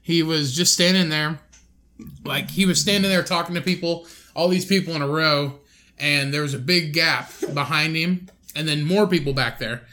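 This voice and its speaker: A young man with a slightly raised voice rambles through crude stories on a casual podcast. He often slips into quick impressions of people as he talks. His delivery is loose and unpolished. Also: fairly high pitch, sharp tone. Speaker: podcast co-host. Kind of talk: casual chat.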